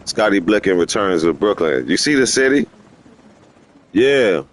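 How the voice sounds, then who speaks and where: A middle-aged man hosting a gaming livestream in casual street slang. He rambles and repeats himself for emphasis, jumping into high-pitched voices when he quotes people. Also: a little slow. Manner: rambling and opinionated, slips into animated high-pitched quoting of others.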